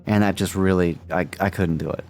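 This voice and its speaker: A man's voice: deep voice, steady tone, a little fast, darkish tone, faint music behind. A man co-hosting a movie podcast, chatting casually with many fillers and restarts and laughing often. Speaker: podcast co-host.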